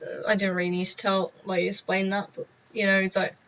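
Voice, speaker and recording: A woman's voice: medium pitch, level tone, fairly quick, fairly bright tone. A teenage girl telling a story in a chatty vlog, acting out the people she quotes. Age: teens. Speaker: vlogger. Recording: dull lo-fi recording.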